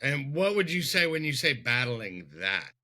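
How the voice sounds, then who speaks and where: A man's voice: medium pitch, very animated, normal speed, bright, forceful tone. A male podcast host who asks probing questions and keeps the talk going with short supportive remarks. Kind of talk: conversational interview.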